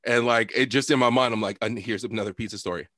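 A young man co-hosting a podcast, telling a long story in a loose, profane, animated way with lots of fillers. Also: mid-range voice, fast talker, crowd noise. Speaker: podcast co-host. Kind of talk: casual storytelling chat.

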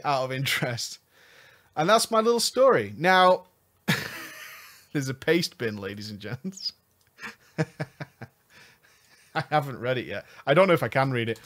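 Male streamer, lively storyteller, laughs a lot, fairly high voice. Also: normal speed. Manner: animated, laughing often, mock-scolding. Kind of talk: casual storytelling to stream chat.

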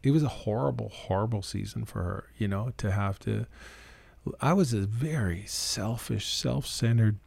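A man's voice: on the low side, moderate pace, vocal fry, darkish tone, breathy edge, no echo. A middle-aged Canadian man and preacher, telling his story earnestly and emphatically in a casual interview, sometimes quoting others. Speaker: guest, preacher.

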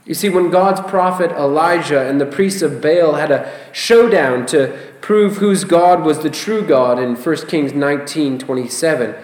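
A man preaching a sermon as a pastor, expressive and emphatic, often asking rhetorical questions. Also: on the high side. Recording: roomy echo.

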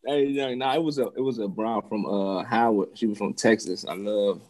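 DC man, mid pitch, halting, easygoing chat. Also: a little mellow. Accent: Washington DC. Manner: halting restarts, frequent laughter. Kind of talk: casual chat.

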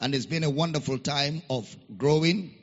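A man's voice: on the high side, moderate pace. A man preaching a sermon as pastor, repeating his key phrases and calling for amens from the congregation. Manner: repeats key phrases, rousing call-and-response. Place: church auditorium. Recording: muffled echoey church hall.

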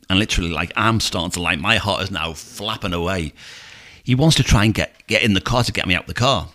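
A man's voice: low voice, fast talker. A middle-aged man with a Scouse accent, a podcast host and taxi driver telling stories in casual chat, acting out voices as he goes. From Liverpool, England. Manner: animated storyteller who acts out voices.

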